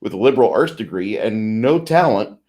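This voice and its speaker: A man's voice: lowish voice, expressive, a little fast, a little mellow. A man hosting a casual panel chat about tabletop games, joking and rambling with frequent restarts.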